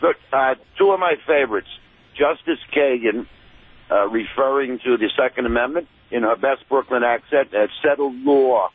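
Guy on a tinny phone line, halting, lots of uhs, dry sound. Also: mid-range voice, no echo. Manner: halting, amused. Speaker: caller. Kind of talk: phone-in chat.

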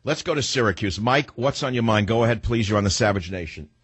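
A man's voice: lowish voice, animated, fast, husky, dry recording. A man hosting a talk radio show, firing off sarcastic rhetorical questions in a combative monologue and taking calls.

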